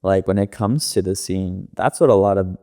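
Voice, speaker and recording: Man, low voice, from los angeles, podcast guest, casual profane storytelling, lots of fillers. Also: moderate pace, warm tone. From Los Angeles area. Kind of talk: casual interview talk.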